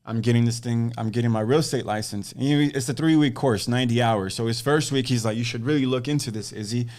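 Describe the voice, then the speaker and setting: In a relaxed podcast interview, a real estate agent talks fast in a mid-range voice about how he began his career. He is an animated, conversational storyteller who acts out quoted dialogue.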